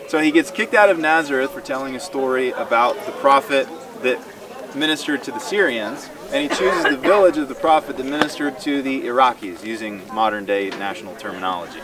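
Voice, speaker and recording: A man of average pitch teaches a tour group in the open air with animated emphasis, now and then acting out the voices in a story. He stands some way from the microphone, and the murmur of a crowd runs underneath. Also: fairly quick. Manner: animated and emphatic, acts out quoted dialogue. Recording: distant mic outdoors with crowd noise.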